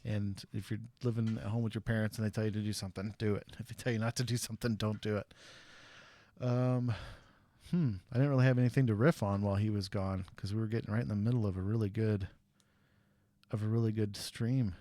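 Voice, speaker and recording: A man's voice: fairly low pitch, fast, dry recording. A man in his thirties telling stories on a casual stream, acting out what people said. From USA. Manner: animated storyteller who acts out quotes. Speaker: stream host. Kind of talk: casual storytelling.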